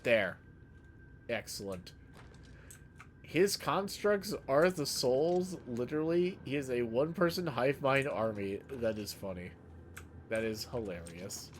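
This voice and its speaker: A man's voice: medium pitch, animated, takes it slowly, a little hiss or hum. A man streaming a video game, chatting casually and jokingly with his viewers in a rambling way. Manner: rambling, joking, reacting to chat.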